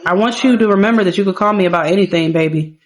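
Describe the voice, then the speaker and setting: A woman's voice: mid-range voice, rapid-fire, natural voice. Woman doing a laid-back but protective game dad, plain-spoken and firm. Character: protective middle-aged dad, caring and firm. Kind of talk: voicing game characters.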